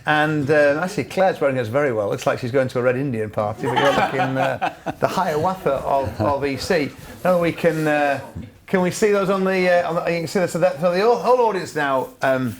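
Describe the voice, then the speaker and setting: A gravelly man hosts a business event in front of a live audience. He mixes dry teasing with brisk directions to the crowd. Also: fairly high pitch. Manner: dry teasing asides, frequent brief agreements. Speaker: host. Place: conference room with audience.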